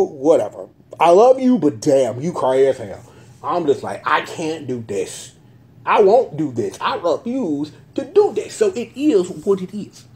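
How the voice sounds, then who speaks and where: A man's voice: high voice, darkish tone. A man hosting a casual episode-review vlog, joking and breaking into voices as he talks. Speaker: show host reviewing a TV episode.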